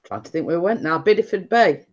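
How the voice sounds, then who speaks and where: A woman's voice: lowish voice, lively intonation, quick pace, dull audio. A woman in her fifties with a Nottinghamshire accent, hosting a casual live chat and reading out comments, laughing often and poking fun at herself. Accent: Nottinghamshire English. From Nottinghamshire, England. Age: 50s. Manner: chatty, laughs often, self-deprecating. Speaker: host.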